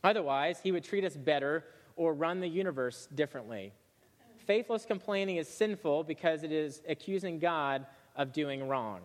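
A man's voice: on the high side, normal speed, long reverb tail. A man giving a sermon as a pastor, speaking in a casual, conversational way with frequent restarts.

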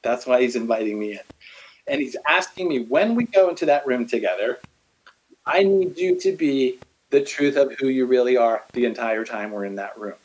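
A middle-aged man in a casual faith conversation, animated, acting out quotes as he tells stories. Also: mid-range voice, normal speed, husky, poor audio.

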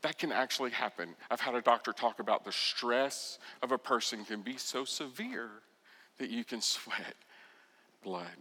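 A man preaching a sermon as pastor, telling the story with expression and acting out quoted lines, sometimes dropping to a soft, intense voice. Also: mid-range voice, lively intonation, moderate pace, long reverb tail.

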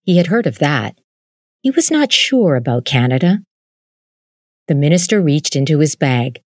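Woman with a low voice reading a story aloud, calm and measured, dry close sound. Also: dry recording. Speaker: narrator. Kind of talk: scripted storybook narration.

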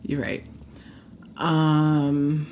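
Low-voiced New York woman, animated. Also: extremely slow, a little hiss or hum. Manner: animated, laughs a lot, blunt. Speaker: podcast co-host. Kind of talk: casual podcast chat.

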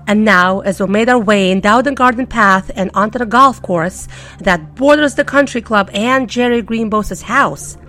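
A woman's voice: mid-range voice, a bit bright. A woman narrating a first-person audio story in a playful, teasing way.

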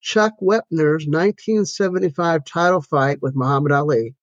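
A man co-hosting a faith-based podcast, chatting and reading trivia facts aloud in a measured, matter-of-fact way. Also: a little high, no echo. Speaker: podcast co-host and counselor. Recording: dull lo-fi sound.

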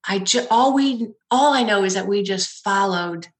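A woman's voice: mid-range voice, normal speed. A woman who founded a nonprofit, telling her story in a conversational interview, laughing often and acting out the people she quotes.

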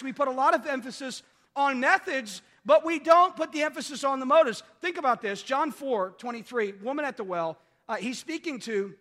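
Guy preaching a sermon, real high bright voice, keeps repeating lines and asking if you're with him, big reverb. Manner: repetitive call-and-response preaching, asks "are you with me". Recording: long hall reverb.

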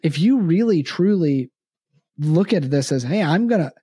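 A middle-aged man hosting a podcast, talking earnestly with many halting restarts. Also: a little high, animated, mellow, husky, no echo. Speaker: podcast host. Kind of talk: casual podcast conversation.

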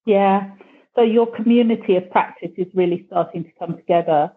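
A woman's voice: mid-range voice, normal speed. A woman guest on a podcast, talking in a rambling, encouraging way and often repeating words. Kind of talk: casual interview chat. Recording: tinny phone-like call audio.

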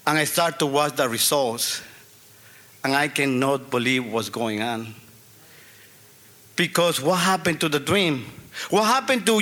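A man's voice: high-pitched, pushed and bright. A middle-aged man telling a personal story before an audience, in an earnest, emphatic way that repeats key phrases.

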